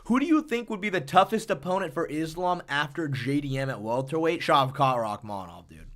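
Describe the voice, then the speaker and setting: Animated man chatting on a live stream. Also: a little high, brisk. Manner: animated, rambling, swears often, reads chat donations aloud. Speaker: streamer and MMA analyst. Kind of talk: casual live-stream chat.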